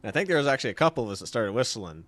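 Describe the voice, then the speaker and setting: Relaxed man chatting, dry close mic. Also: mid-range voice, rapid-fire, dry recording. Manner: brief agreeing backchannels, relaxed storytelling. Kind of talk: casual chat.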